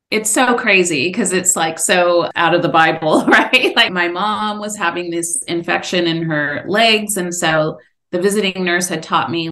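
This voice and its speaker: Middle-aged woman, guest, lowish voice, earnest storytelling, animated when quoting. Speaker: podcast guest, author. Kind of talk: personal storytelling in an interview.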